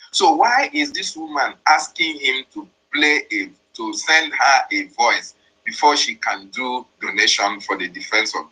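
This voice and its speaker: A man's voice: mid-range voice, bright, forceful tone, breathy edge, rough recording. A man, explaining and interpreting a played voice message in a repetitive, emphatic way. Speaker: commentator.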